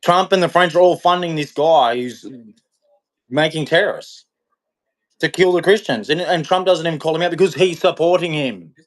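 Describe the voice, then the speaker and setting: Man, live host, rambling, heated, repeats himself, a little high-pitched. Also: moderate pace. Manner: rambling, repetitive, heated, with frequent restarts. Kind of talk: unscripted live commentary. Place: hot room in Queensland.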